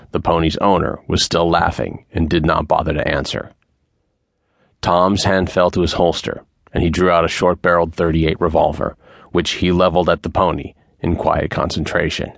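Male audiobook narrator: very low, slow and measured, dry close sound. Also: creaky, fairly bright tone, dry recording. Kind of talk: scripted narration.

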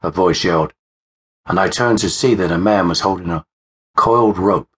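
A man narrating a first-person horror audiobook in a measured, grave manner. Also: sits low, a bit bright. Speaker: author and narrator.

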